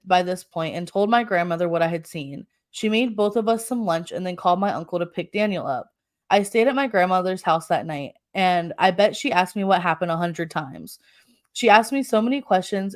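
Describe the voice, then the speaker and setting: A woman co-hosting a podcast, reading a first-person story aloud with laughing asides and self-corrections. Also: lowish voice.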